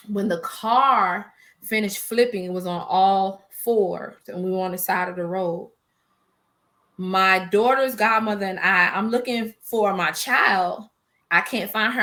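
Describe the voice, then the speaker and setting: A woman in her forties shares her life story in a relaxed interview. She talks in an animated, emotional way, acting out what she said back then and laughing through the rough parts. Her pitch sits in the middle range for a woman. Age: 40s. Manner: animated and emotional, quotes herself, laughs between hard memories. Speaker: small business owner, interview guest. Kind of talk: personal storytelling in a casual interview.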